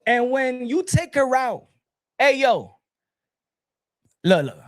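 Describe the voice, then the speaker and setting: A man from New City, doing a loud, profane, taunting comedic rant as an online commentator. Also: extremely high pitch, very animated, slow, no room sound, studio quality. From New York City.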